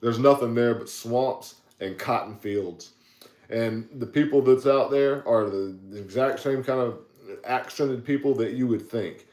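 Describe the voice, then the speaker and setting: A man's voice: mid-range voice, unhurried, roomy sound. A man from South Carolina with a Southern accent, co-hosting a casual podcast chat and laughing often. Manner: laughs often, relaxed joking. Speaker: podcast co-host.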